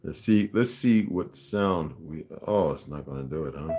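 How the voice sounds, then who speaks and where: An older man from the United States hosting a livestream, rambling and halting, often repeating words as he fiddles with his device. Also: a bass voice, expressive, darkish tone. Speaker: livestream host. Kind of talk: casual livestream talk.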